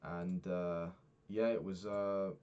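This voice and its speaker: A young man, a personal trainer, candidly recapping his week and swearing freely, getting animated when retelling annoyances. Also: low-pitched, slow, clear, resonant tone, dull audio. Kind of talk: casual vlog recap.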